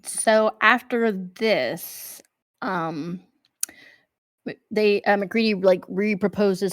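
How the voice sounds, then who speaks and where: A young woman chats on a podcast in a loose, filler-heavy way, retelling scenes with lively asides. Her voice sits mid-range for a woman. The recording is dry and close, with no room sound. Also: mid-range voice, slow, pauses often, dry recording. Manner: chatty, lots of fillers, animated retelling with acted-out shouts. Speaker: podcast co-host. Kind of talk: casual film discussion.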